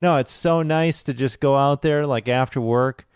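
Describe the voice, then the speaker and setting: A man's voice: mid-range voice, normal speed, slight background noise. A man chatting laid-back on a podcast, swearing and laughing casually. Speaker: podcast co-host. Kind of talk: casual chat.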